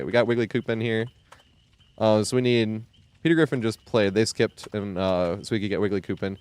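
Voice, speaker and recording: A man's voice: medium pitch, darkish tone, no echo. A man in his thirties, originally from the New York area, chatting casually on a live stream, rambling, laughing often and swearing freely. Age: 30s.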